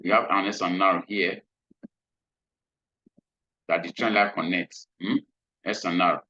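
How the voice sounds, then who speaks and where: A man's voice: sits low, steady tone, measured pace, sharp tone, breathy edge, no room sound. A man giving a screen-share trading lesson, repeating his points and often checking in with "hmm?". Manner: repetitive, checks in with frequent "hmm?". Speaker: trading instructor. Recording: dull lo-fi recording.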